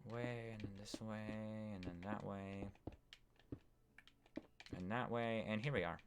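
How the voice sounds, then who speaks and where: A man's voice: on the low side, steady tone, takes it slowly, noisy background. A man live-streaming a building game, chatting casually to viewers with lots of fillers. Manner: rambling, talks to chat with many fillers. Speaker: gaming streamer.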